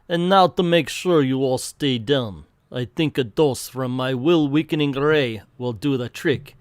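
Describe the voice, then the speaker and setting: A man's voice: a little high, expressive, a little slow, clear, resonant tone, no echo, clean studio sound. A man voicing an arrogant male supervillain with a pompous, gloating manner, in a comic read-aloud.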